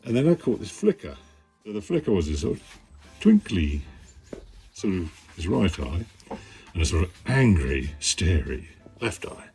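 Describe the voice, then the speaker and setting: Male cartoonist, low voice, rambling studio chat, mutters and swears. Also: big pitch swings, normal speed, long pauses, a little mellow, faint music behind. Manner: rambling, mumbling asides, swears, chuckles. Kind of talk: casual talk about his sketches. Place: his studio.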